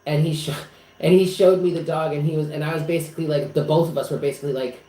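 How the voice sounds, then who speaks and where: A man's voice: on the high side, fairly even intonation, quick pace, dark tone. Rambling man in an echoey room. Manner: rambling, emotional storytelling with many fillers. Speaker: psychic reader hosting a live stream. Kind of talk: casual live-stream chat. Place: apartment. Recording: echoey room with faint noise.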